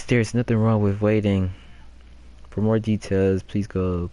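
A man's voice: lowish voice, dark tone. A man streaming a video game, casually reading posters aloud and joking and laughing at them. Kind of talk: casual let's-play commentary.

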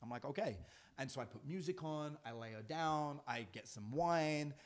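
A man with a fairly high-pitched voice tells a personal story in a relaxed podcast conversation. He acts out what each person said as he goes. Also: normal speed. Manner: animated anecdote-telling, acting out quotes. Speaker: dating coach. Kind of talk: casual storytelling in a podcast chat.

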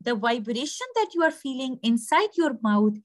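Female teacher, a little high-pitched, calm and explanatory, models sounds slowly. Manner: patient, explanatory, demonstrates pronunciations slowly. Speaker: Quran recitation teacher. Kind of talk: tajweed lesson.

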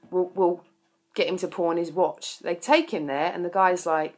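A woman's voice: fairly low pitch, normal speed, a little mellow. A woman chatting casually between verses of a song she plays, explaining it with self-deprecating jokes. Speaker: amateur singer explaining a song.

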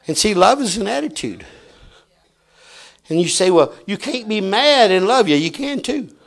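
A middle-aged man preaching a sermon, telling stories and swinging from hushed lines to shouts. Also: high voice, sing-song, normal speed, creaky.

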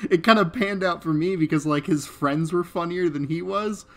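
A man running a casual interview, teasing his guest and breaking into giggles. His voice sits a little higher than most men's. He keeps the chat light. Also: a little slow, fairly bright tone. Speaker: interviewer, channel host.

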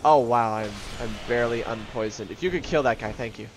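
A man's voice: mid-range voice, a little fast, a little hiss or hum. A man hosting a casual let's-play, joking and calling out to his teammates. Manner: animated, jokey, talks to teammates. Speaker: gaming video host.

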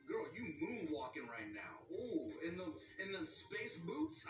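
A man riffing through a reaction video in a lively, bouncing voice, slangy and teasing. His voice sits a bit high. The sound is echoey and picked up from a distance, with noise in the background. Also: normal speed, hardly any pauses. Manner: animated, joking, slangy, teasing. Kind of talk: reaction commentary.

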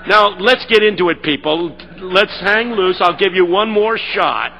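A man preaching a sermon, telling a story and building to shouted call-and-response. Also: sits high, expressive, measured pace, vocal fry, few pauses, slight background noise.

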